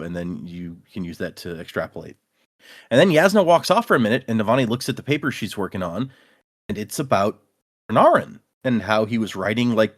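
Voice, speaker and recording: A man co-hosting a podcast in a casual book chat, acting out the characters' lines. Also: lowish voice. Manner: animated, acts out characters' lines. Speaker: podcast co-host.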